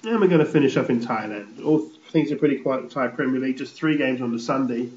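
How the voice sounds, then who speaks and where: A man's voice: mid-range voice, quick pace, a little mellow, a little hiss or hum. A man from England hosting a casual football results roundup, rambling and blunt, swearing freely. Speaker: football show host. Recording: roomy, slightly dull recording.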